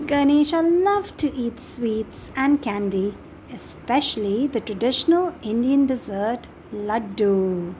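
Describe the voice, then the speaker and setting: A woman reads a children's picture book aloud in a high, slow voice. She is gently expressive and keeps asking the young listener questions, with a faint hum of room ambience behind her. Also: poor audio. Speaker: storybook reader.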